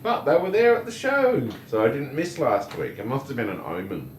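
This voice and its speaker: A man's voice: medium pitch, sing-song, moderate pace. A man co-hosting a casual livestream, greeting viewers by name and teasing his co-host. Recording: echoey room, mic far off, faint noise.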